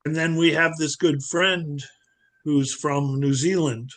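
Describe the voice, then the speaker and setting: A man's voice: on the high side, steady tone, slow pace, fairly bright tone. A man at a virtual reading tells a personal story in a casual way, with small stumbles and restarts. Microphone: video call.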